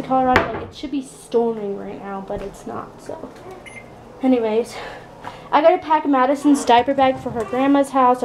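Chatty young mom with a high voice. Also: female voice, background noise. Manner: chatty, filler-heavy with lots of "like". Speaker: mom vlogger. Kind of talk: casual vlog chat. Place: at home in an apartment, indoors. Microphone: handheld point-and-shoot camera.

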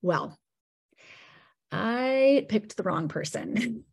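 A woman as a podcast guest, telling a personal story in a casual, animated way and acting out bits of dialogue. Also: a little high, very slow, vocal fry, husky. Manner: animated storyteller who acts out quoted dialogue and leans on "like".

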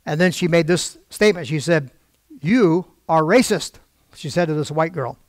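A man's voice: fairly high pitch, fairly even intonation, a little fast, no room sound, clean studio sound. An older man preaching in a storytelling style, acting out quoted voices with wry asides.

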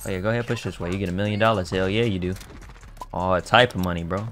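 A man commentating his own online shooter matches in casual slang, excitable, trash-talking other players and bursting into shouts. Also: low-pitched, fast talker, music in the background. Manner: casual slang-heavy banter. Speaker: gaming YouTuber. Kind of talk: live gameplay commentary.

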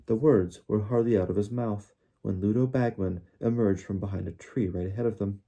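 A man narrating an audiobook in a steady storytelling manner. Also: fairly low pitch, moderate pace, slightly rough. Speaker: audiobook reader.

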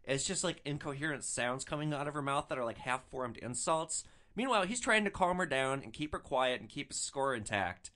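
Animated, bright-voiced male storyteller. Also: medium pitch, a little fast, hardly any pauses. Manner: animated, profane, wry. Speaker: podcast host. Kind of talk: casual storytelling.

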